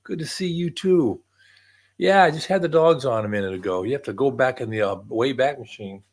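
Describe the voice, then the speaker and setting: A man's voice: medium pitch, expressive, fairly quick. An older man hosting a casual livestream from home, chatting in a rambling way and greeting viewers by name. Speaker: livestream host.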